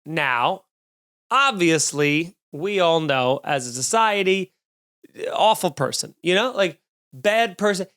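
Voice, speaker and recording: Young male podcast comedian, sarcastic, rambling, fairly high voice, smooth tone. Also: expressive, takes it slowly, fairly bright tone. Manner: sarcastic, rambling, self-deprecating. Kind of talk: solo comedic rant. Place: home studio, drinking while recording.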